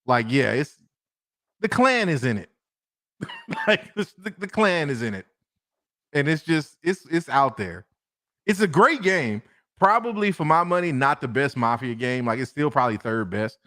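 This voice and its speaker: Animated man with a lively voice. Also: mid-range voice, normal speed. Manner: animated, laughs often, repeats himself for emphasis. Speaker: co-host. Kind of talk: casual podcast chat.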